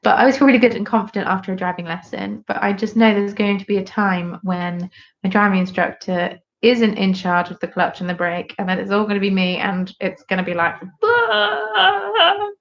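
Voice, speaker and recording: A woman's voice: mid-range voice, fairly even intonation, a little fast, dull audio. A British woman in her twenties hosting a live craft stream, chatting casually and teasing herself while reacting to viewer comments.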